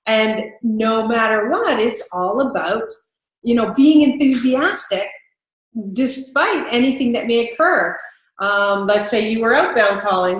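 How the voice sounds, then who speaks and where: A woman's voice: fairly high pitch, animated, measured pace, roomy sound, low-quality recording. A woman sales trainer giving an upbeat talk to camera, laughing often and acting out sample phone calls.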